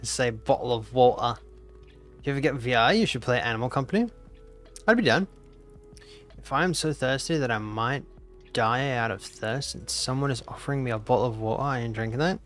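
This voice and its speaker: A man's voice: medium pitch, fairly quick, a bit bright, faint music behind. A nineteen-year-old man, chatting casually and teasingly as a game streamer reacting to his chat. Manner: playful and teasing, repeats himself.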